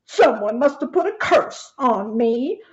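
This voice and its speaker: A woman's voice: a little high, expressive, measured pace, lo-fi sound. A woman voicing a grumpy old male sea captain in a storybook, groaning and grumbling.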